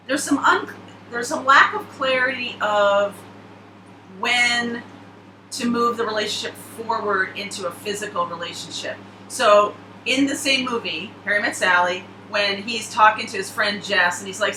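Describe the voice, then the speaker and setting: A woman's voice: mid-range voice, bright, forceful tone, roomy sound, slight background noise, poor audio. A woman giving a casual, chatty tarot reading, laughing and rambling through asides. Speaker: tarot reader.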